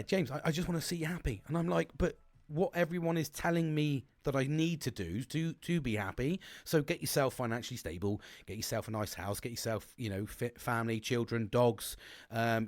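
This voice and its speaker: A man's voice: a little high, a little mellow, no room sound, clean studio sound. A young man, talking in a rambling, sweary, casual monologue full of restarts. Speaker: podcast host.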